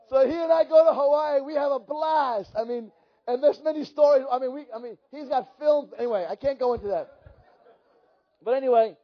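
Man, very high voice, pastor, lively storytelling sermon, dull lo-fi recording. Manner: animated, acts out quoted dialogue.

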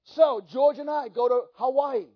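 Man, very high voice, pastor, lively storytelling sermon, dull lo-fi recording. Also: moderate pace. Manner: animated, acts out quoted dialogue.

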